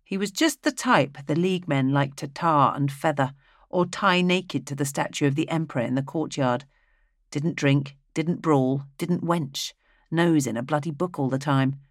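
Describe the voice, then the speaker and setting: An audiobook narrator reading a fantasy novel in an even, steady storytelling manner into a close mic. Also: medium pitch, normal speed, no echo.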